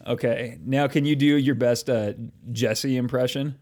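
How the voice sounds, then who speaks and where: A man's voice: medium pitch, fairly even intonation, unhurried, darkish tone. A man co-hosting a casual podcast, rambling, swearing often and trailing off while hunting for names. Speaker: podcast co-host. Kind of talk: casual chat.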